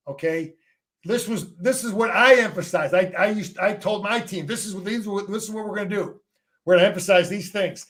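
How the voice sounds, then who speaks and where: A man's voice: high voice, a bit bright. A middle-aged man, a former player and coach, talking football as a guest in an emphatic, salty way, often repeating words as he restarts his sentences. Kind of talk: casual sports talk.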